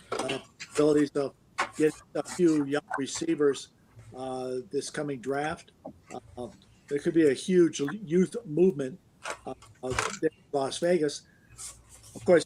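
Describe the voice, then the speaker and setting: A man's voice: fairly high pitch, a little mellow. A man giving casual sports analysis, hesitant and thinking aloud with many fillers.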